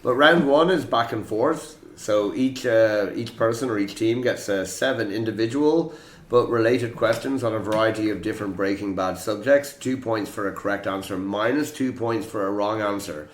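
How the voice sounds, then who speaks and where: A man's voice: on the low side, normal speed, echoey room. A man with an Irish accent hosting a quiz podcast in a chatty, joking, self-deprecating way. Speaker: quiz host. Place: room in Prague.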